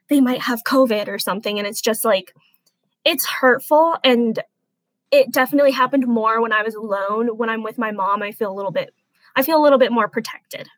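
A young woman speaking in a fairly high voice, telling her own story as an interview guest. She talks earnestly and haltingly and is close to tears. The sound is dry and close. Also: no echo, poor audio. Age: 20s. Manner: earnest, halting, softly emotional. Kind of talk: emotional personal testimony.

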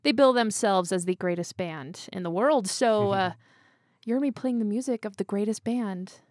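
A woman's voice: medium pitch, normal speed, a little mellow, dry recording. A woman hosting a radio studio interview in an upbeat, conversational way. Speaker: radio host.

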